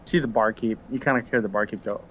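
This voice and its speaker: A man narrating and running an online tabletop game as game master, relaxed and profane, often restarting his sentences. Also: on the low side, quick pace, highs cut off, a little hiss or hum.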